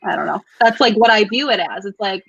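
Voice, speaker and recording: A woman's voice: medium pitch, animated, a little fast, vocal fry, a bit bright, slightly rough, no room sound, dull audio. A woman guest on a talk show, chatting in an upbeat way and agreeing readily. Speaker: guest, mindset coach. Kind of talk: casual chat.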